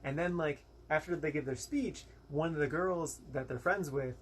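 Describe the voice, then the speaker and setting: A man's voice: fairly high pitch, moderate pace, a little hiss or hum. A young American man giving a casual, rambling movie review, frank and exasperated, with lots of fillers and quoted asides. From United States.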